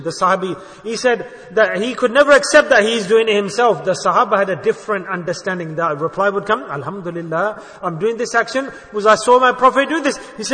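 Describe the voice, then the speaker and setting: A man's voice: high-pitched, fast, hardly any pauses, pushed and bright. A man preaching a sermon in an earnest way, often putting rhetorical questions to his listeners. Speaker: Islamic preacher. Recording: long hall reverb.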